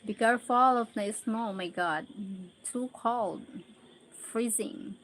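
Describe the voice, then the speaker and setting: A Filipino woman from the Philippines hosts a casual livestream, chatting with viewers and often laughing as she reads out their names and comments. Her voice is a little high and a bit bright, and she speaks slowly. The recording is rough, with a little hiss or hum.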